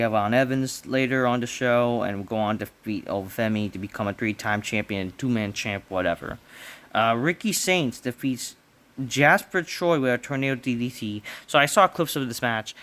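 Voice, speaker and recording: Young man, wrestling reviewer, bright forceful voice, swearing, exasperated, filler-heavy rant. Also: medium pitch. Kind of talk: casual ranting review.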